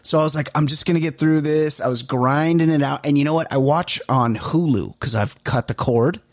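A man co-hosting a casual podcast chat, talking in a relaxed way with plenty of fillers and a wry edge. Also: on the high side, a little fast. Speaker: podcast co-host.

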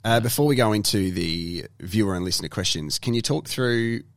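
A man's voice: fairly low pitch, animated, a little fast, no room sound. A man with an Australian accent hosting a podcast, chatty and teasing his guest. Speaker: podcast host. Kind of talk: casual podcast interview.

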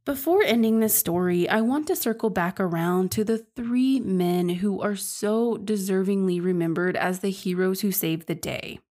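A woman's voice: lowish voice, darkish tone. A young woman hosting a true crime podcast, narrating earnestly and speaking casually to her listeners. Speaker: podcast host.

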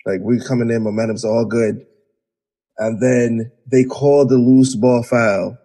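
Man, podcast producer, exasperated, slangy, swearing, dark mellow husky voice. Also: medium pitch, fairly even intonation, measured pace. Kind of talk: heated sports podcast chat.

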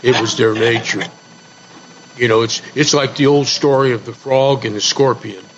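A man's voice: medium pitch, fairly even intonation, normal speed, a bit bright. A man on a radio talk show panel, telling old fables in a folksy way and reading aloud from a historical journal. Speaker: co-host and regular panelist. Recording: dull lo-fi radio broadcast with light noise.

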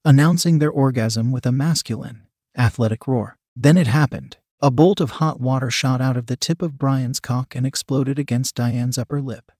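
A man narrating adult fiction in an even, matter-of-fact reading. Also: medium pitch, normal speed, husky, no echo, studio quality.

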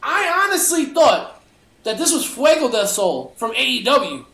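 A man's voice: extremely high pitch, big pitch swings, unhurried, a bit bright. Fired-up, foul-mouthed man ranting in an echoey room. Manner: profanity-laced, fired-up ranting. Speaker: podcast co-host. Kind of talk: heated opinion rant on a podcast.

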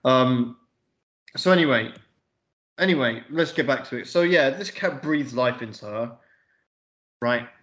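A man's voice: medium pitch, animated, unhurried, long pauses, fairly bright tone. A man co-hosting a podcast in casual film review chat. He rambles and swears a lot, with plenty of fillers. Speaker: podcast co-host. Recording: echoey room.

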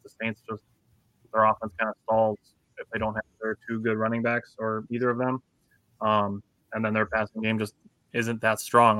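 Bright-voiced man hosting a podcast. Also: lowish voice, no echo. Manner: leads the talk, hands turns to others. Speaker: podcast host. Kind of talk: casual sports podcast chat.

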